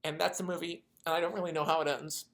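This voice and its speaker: A video creator pitching a made-up movie plot in a casual, rambling way, swearing and acting out the characters' lines. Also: level tone, fast, vocal fry, fairly bright tone. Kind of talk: casual storytelling.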